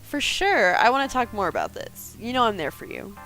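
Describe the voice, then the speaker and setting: A woman's voice: fairly high pitch, big pitch swings, fairly quick, fairly bright tone, faint music behind. A woman voicing a cheerful, talkative woman friend in her thirties, reading her lines in a game playthrough. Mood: chatty.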